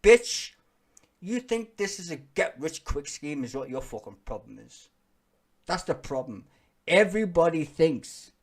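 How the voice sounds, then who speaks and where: British accent, streamer, ranting commentary, swears constantly, blunt, combative, gets loud and heated, mid-pitched voice. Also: sing-song, a little slow. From Britain.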